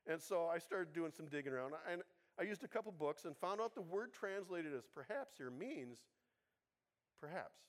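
Fairly high-voiced man preaching conversationally. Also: expressive, a little fast. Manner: conversational, keeps asking the congregation "right?"; humorous, playful asides. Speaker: pastor. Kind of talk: sermon.

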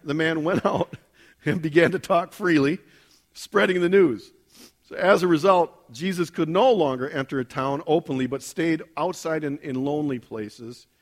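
A man preaching a sermon as pastor, talking casually, asking the congregation questions and building to intense emphasis. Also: on the high side.

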